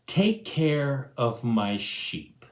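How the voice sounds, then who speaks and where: A man voicing a calm, gentle teacher. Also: high-pitched, slow pace, reverberant, heavily acted.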